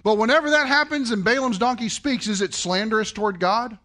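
A man's voice: very high voice, brisk, pushed and bright. A man preaching a sermon. He keeps asking the congregation rhetorical questions and acts out quoted voices. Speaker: pastor.

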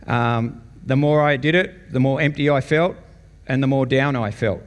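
A man's voice: medium pitch, moderate pace. Australian man, mid-range voice, chatty testimony-style storytelling to a church crowd, long hall reverb. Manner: conversational storytelling, chuckles often. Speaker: church guest speaker. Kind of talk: personal testimony to a congregation.

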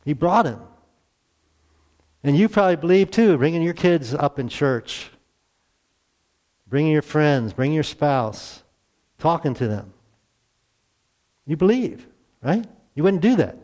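Earnest middle-aged preacher, conversational. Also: male voice, fairly high pitch, very animated, measured pace, long pauses. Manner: conversational, rhetorical questions to the congregation; swings between hushed asides and emphatic raised lines. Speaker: pastor. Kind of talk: sermon.

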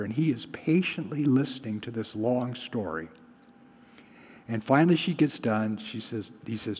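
Husky-voiced pastor preaching in a hall. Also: male voice, medium pitch, animated, moderate pace, dark tone. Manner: conversational, asks the congregation questions. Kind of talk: sermon.

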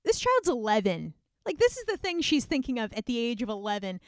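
A woman's voice: on the high side, sing-song, a little fast, clear, resonant tone, dry recording. A woman chatting casually and enthusiastically about books, gushing and saying "like" a lot.

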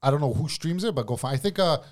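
A blunt, jokey man in a podcast chat. His pitch swings a lot as he talks, lively and animated. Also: fast talker. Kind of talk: casual chat.

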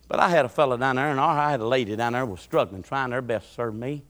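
A man preaching a sermon in a church, swinging from loud shouts to low, quiet talk. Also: fast talker, hardly any pauses, big-room sound. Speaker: pastor. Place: church sanctuary.

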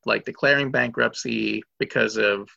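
Man, podcast co-host, gravelly voice, laid-back casual chat, lo-fi muffled sound. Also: lowish voice, fairly even intonation, normal speed, bright, forceful tone. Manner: laid-back, conversational, uses filler "like". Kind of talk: casual podcast film discussion.

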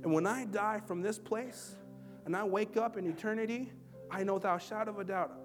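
High-pitched man preaching with emphatic repetition. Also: moderate pace, music in the background. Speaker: pastor. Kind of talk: sermon. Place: church service.

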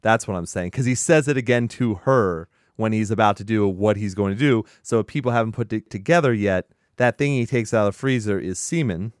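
A man co-hosting a podcast, recapping a film in casual chat, animated, laughing often and swearing freely. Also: fairly low pitch, a little fast, hardly any pauses, dry recording, clean studio sound. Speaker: podcast co-host.

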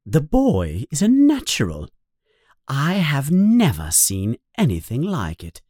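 A narrator voicing a strict older female professor who scolds and commands in a high, raised voice. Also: huge pitch swings, slow, a little mellow, no room sound, clean studio sound, full character voice. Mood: brisk.

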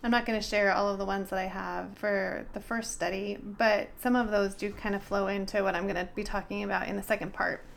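A woman's voice: medium pitch, little pitch movement, a little fast, gravelly, few pauses, slight background noise. Chatty woman sharing bible study notes. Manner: chatty, thinking aloud, restarts. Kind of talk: casual bible study discussion.

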